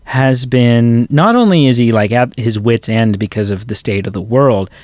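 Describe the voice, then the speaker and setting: This man co-hosts a podcast and chats casually about a film, retelling scenes and quoting lines. His voice is medium-pitched and darkish, at a normal speed, with studio-quality sound and no room echo.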